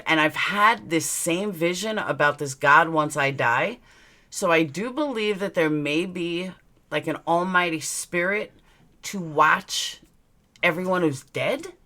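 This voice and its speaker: Looking into the camera on a casual live stream and using her webcam mic, a woman speaks in a low, forceful voice with a sharp edge. She's blunt and candid, swears freely, and lets her personal stories wander.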